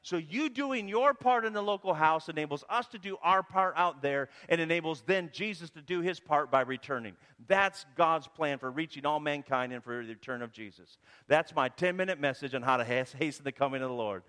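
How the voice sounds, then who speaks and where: High-voiced man preaching in a reverberant hall. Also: a little fast. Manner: animated storytelling with bursts of emphasis. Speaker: guest preacher. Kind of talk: sermon. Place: church sanctuary.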